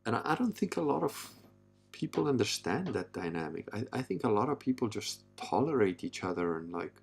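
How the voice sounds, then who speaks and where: Host type, man in his 50s, low husky gravelly voice, blunt and profane, casual monologue. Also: very animated, brisk, faint music behind. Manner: blunt and profane, mimics others in a high falsetto. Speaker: podcast host. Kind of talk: casual live-stream monologue.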